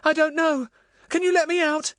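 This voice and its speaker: A man reading an audiobook, voicing a frightened, tearful young girl with a high, trembling, pleading voice. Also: level tone, moderate pace, fairly bright tone, no room sound, clean studio sound. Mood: distressed. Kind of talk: audiobook character voice.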